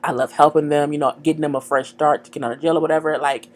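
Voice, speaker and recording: A man's voice: fairly high pitch, flat delivery, fast, lightly acted. A woman doing an earnest man pleading his case. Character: earnest grown man defending his business.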